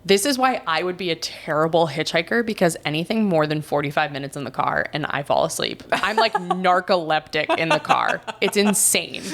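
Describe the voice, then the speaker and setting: A woman in her thirties narrates a true crime case as a podcast co-host, her voice sitting a little low. She slips wry, joking asides in between the facts of the story. The tone stays casual and conversational throughout. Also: animated, normal speed, few pauses, fairly bright tone.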